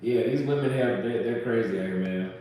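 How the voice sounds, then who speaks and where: A man's voice: mid-range voice, brisk, dark tone, far from the mic, slight background noise. Blunt crude man in an echoey room. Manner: blunt, crude and rambling, with mocking quoted voices. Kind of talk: casual chat.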